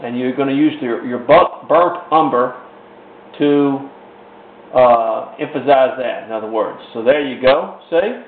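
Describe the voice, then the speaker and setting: A folksy man walks through a painting lesson at an unhurried pace, circling back with the same little phrases. His voice comes through a tinny, phone-like recording in an echoey room with a faint hiss behind him. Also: medium pitch. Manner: folksy, rambling, repeats "in other words". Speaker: painting instructor. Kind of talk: step-by-step painting demonstration.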